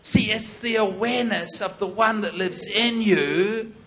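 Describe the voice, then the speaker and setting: Preacher, male, high voice, animated storyteller, acts out voices for a live crowd. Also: unhurried, a little hiss or hum. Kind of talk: sermon with storytelling.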